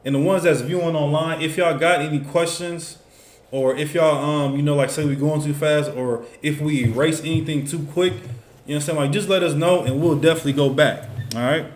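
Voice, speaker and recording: A man's voice: fairly high pitch, steady tone, brisk. A man teaching a class in a loose, conversational way, full of fillers and asides. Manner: loose, conversational, many fillers like "you know what I'm saying". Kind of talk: casual classroom instruction. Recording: echoey room with faint noise.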